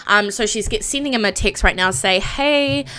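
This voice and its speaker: A woman's voice: mid-range voice, a little fast, sharp tone. A young woman streaming a live let's play, chatting emotionally about the game with lots of filler ums.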